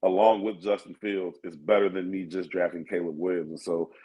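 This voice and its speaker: Lower-voiced man breaking down sports. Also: flat delivery, brisk, dark tone, rough recording. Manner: thinks aloud with fillers, asks "you know what I mean?". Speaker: sports talk co-host or guest. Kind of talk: casual sports analysis.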